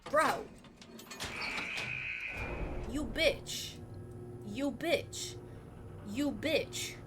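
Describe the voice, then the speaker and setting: A woman streaming a game live, talking loudly and exasperated, swearing a lot and laughing between outbursts. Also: on the high side, animated, unhurried, background noise. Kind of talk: live gameplay commentary.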